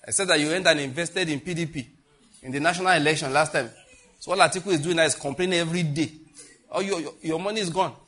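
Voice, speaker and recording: Male pastor, emphatic husky sermon voice, slightly high pitched. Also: fast talker. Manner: emphatic preaching, repeats phrases, swings between loud and hushed.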